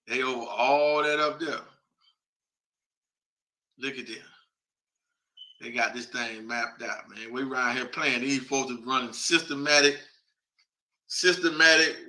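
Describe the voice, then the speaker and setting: A man's voice: mid-range voice, pushed and bright. A man hosting a casual broadcast, thinking aloud and talking straight to his viewers in an informal, chatty way as he reads through a list. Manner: thinks aloud while reading a list off a map. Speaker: host.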